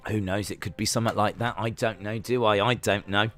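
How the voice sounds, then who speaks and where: A man's voice: fairly low pitch, fairly even intonation, fairly quick, few pauses, fairly bright tone, faint music behind. A man chatting his way through a live watch-along. He talks in a jokey, rambling way. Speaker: streamer reacting to wrestling.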